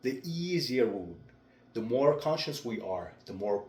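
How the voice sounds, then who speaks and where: A young man talking through his speaking practice in a vlog, with a deliberate, measured delivery. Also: medium pitch, big pitch swings, darkish tone. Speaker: vlogger. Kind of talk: reflective speech-practice vlog. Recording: roomy echo.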